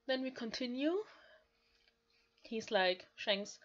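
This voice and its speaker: A woman's voice: medium pitch, highs cut off. A woman, carefully explaining Japanese lines from a manga as a language learner, often saying "like". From Germany. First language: German. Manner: slow, careful explaining with frequent "like".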